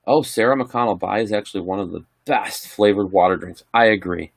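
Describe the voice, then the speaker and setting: Low-voiced laid-back man chatting. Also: brisk, gravelly, no echo, clean studio sound. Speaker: livestream host answering viewer questions. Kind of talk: casual live chat.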